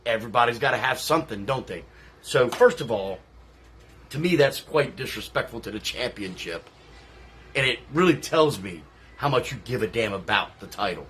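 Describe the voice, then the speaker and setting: A man's voice: medium pitch, animated, normal speed, fairly bright tone, slight background noise, pitched below the performer's own voice, lightly acted. A man playing a brash veteran wrestler cutting a profane, taunting trash-talk promo. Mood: scornful. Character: salty veteran male wrestler, brash and contemptuous.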